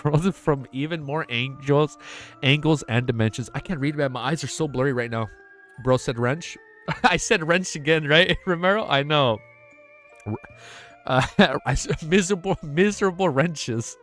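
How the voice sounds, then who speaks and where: Male streamer reading a novel live, emotional and slangy, trips over words, faint music underneath. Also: mid-range voice. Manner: emotional, stumbling over words, laughing at own misreads; casual, slangy, says man and dude a lot. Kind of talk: live-stream read-aloud with chat.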